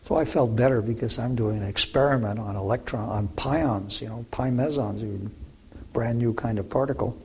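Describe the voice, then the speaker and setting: A man's voice: mid-range voice, normal speed, darkish tone. An older man, a physicist guest in an interview, recounting memories with many fillers and restarts. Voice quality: gravelly, raspy voice. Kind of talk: interview storytelling.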